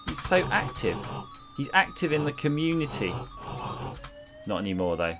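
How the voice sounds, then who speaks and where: A man's voice: on the high side, very animated, moderate pace, long pauses, over music. A man streaming retro games, chatting casually and rambling jokily with viewers while he plays, over a noisy background hum. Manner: jokey, rambling, chats with viewers. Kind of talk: casual livestream chat while gaming.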